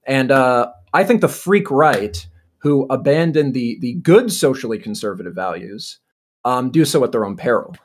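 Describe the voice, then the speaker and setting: A man's voice: medium pitch, animated, moderate pace. Opinionated Canadian man on a panel. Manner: opinionated, chatty with restarts. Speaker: panel guest, video maker. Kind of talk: casual online discussion.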